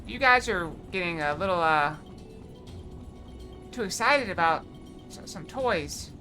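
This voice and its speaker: A woman's voice: lowish voice, lively intonation, measured pace, long pauses, bright, forceful tone, soft background music. A woman with a slight Southern American accent, chatting casually and playfully with her viewers while she plays a game, full of fillers and teasing. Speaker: streamer. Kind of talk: casual live-stream chat while gaming.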